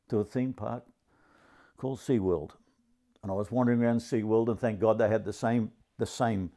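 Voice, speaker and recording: Older man, Australian accent, stand-up comedian, grumpy, crude, deadpan, lowish dark voice. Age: 70s.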